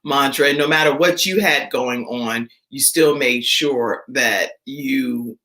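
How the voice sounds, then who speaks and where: Bright, upbeat woman hosting a live show. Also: extremely low pitch, slow pace. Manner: upbeat, chatty, reads sponsor plugs. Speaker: show host.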